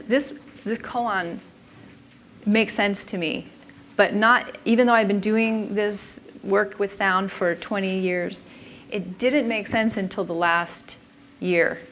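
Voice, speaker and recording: A woman's voice: mid-range voice, fairly bright tone, slight background noise. A woman giving an informal talk at a conference in a chatty way, often stopping and restarting her sentences. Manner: chatty, self-interrupting, frequent restarts. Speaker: conference presenter.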